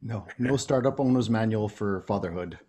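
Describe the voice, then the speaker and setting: A man's voice: fairly low pitch, normal speed, warm tone. A man co-hosting a casual live video chat, teasing and wry.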